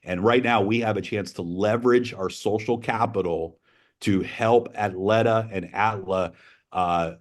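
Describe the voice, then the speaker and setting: Enthusiastic male host of an online call, somewhat low voice, loose and repetitive. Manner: enthusiastic, repeats himself. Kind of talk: casual community call.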